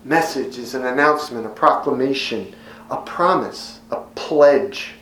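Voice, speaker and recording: A man's voice: mid-range voice, fairly bright tone, a little hiss or hum. Earnest man preaching in an echoey room. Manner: measured, earnest teaching with emphatic repetition. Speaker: pastor. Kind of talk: expository sermon.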